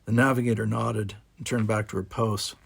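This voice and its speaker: Man, story narration, gravelly, husky voice, character voices. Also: fairly low pitch, little pitch movement, moderate pace. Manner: reads with varied character voices. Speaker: audiobook reader. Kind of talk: fan-fiction audiobook narration.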